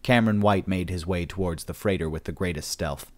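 Deep-voiced male audiobook narrator. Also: a little fast. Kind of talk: scripted narration of a sci-fi story.

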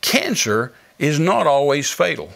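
Older preacher guy, gravelly voice, folksy storytelling, gets worked up. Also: on the high side, sing-song, unhurried, a bit bright. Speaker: evangelist guest. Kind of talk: storytelling testimony.

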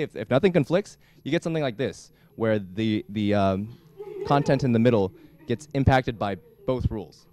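A young man giving a classroom lecture as a student instructor, talking in a halting way with many restarts. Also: lowish voice, darkish tone. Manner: halting, frequent restarts and fillers. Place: lecture hall.

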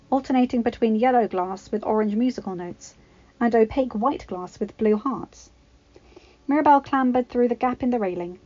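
A woman reading a fanfiction story aloud in a plain, steady narration. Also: medium pitch. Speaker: fanfiction reader. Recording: slightly dull lo-fi recording.

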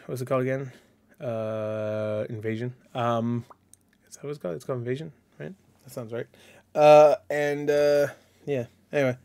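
A man hosting a casual reaction video, rambling and excitable, thinking aloud with many fillers and restarts, laughing and swearing often. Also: medium pitch, clear, resonant tone.

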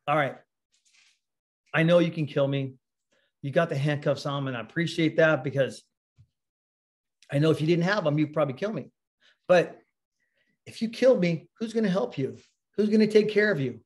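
A man giving a sermon, telling a personal story in a conversational way, often clearing his throat. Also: a little high. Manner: conversational storytelling, acts out quoted voices; frequent throat clearing and fillers. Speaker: preacher.

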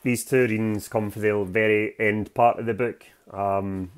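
A man's voice: lowish voice, fairly even intonation, measured pace. A young Scottish man, the author, reading from his novel in a gritty, plain-spoken way full of slang.

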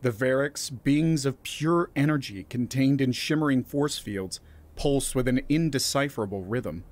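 A man narrating a scripted science fiction story in a steady, even reading voice. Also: medium pitch, a little slow.

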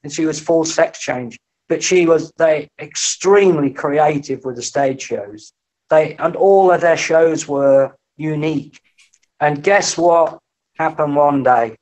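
Man, middle-aged, storytelling guest, lively delivery. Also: fairly high pitch, slow. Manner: animated anecdotes, acting out quoted voices. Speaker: podcast guest. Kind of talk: storytelling in a casual interview.

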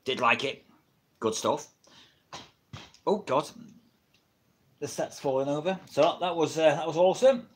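A man's voice: a little high, lively intonation, unhurried, pauses often, a little hiss or hum. A middle-aged man with an English accent, chatting casually on a livestream, rambling and laughing often, recorded on a built-in camera mic at home. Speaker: wrestling livestreamer. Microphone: built-in camera mic, no microphone.

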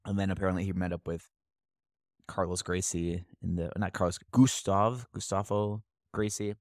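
A man's voice: low voice, normal speed, dry recording, studio quality. A young man co-hosting a podcast, telling stories in a casual chat and laughing as he talks. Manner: animated storyteller, laughs while talking. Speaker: podcast co-host.

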